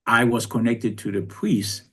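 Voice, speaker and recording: A man's voice: mid-range voice, steady tone, a little slow, fairly bright tone, husky. A man in his sixties from Haiti, telling his life story in a reflective, conversational way as an interview guest. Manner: reflective, conversational, with frequent restarts.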